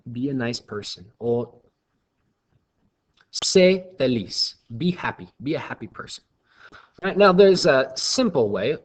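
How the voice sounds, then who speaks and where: Guy teaching spanish, slow and careful, punches each new word, normal pitch. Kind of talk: recorded classroom lesson.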